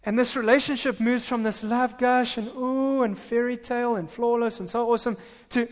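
A man preaching a sermon as pastor, animated and full of stammered restarts. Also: very high-pitched, moderate pace. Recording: reverberant hall.

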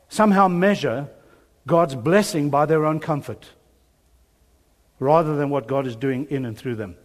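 In a sermon, a man tells a Bible story with animated flair, voicing the dialogue and chuckling now and then. His voice is a little high, and the recording has a long hall reverb.

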